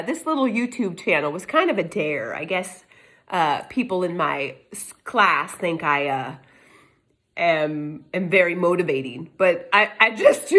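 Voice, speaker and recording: A woman's voice: medium pitch, a bit bright. Folksy woman with a put-on Texas accent. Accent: Texas Southern US, put on. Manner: folksy, emphatic, lectures with rhetorical questions. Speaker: self-made legal commentator. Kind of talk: casual monologue to camera. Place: home in California.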